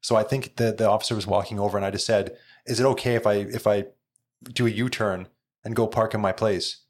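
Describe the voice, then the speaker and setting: A man's voice: lowish voice, steady tone, quick pace, a little hiss or hum. A man hosting a casual chat and asking about guests' business, telling his own anecdotes.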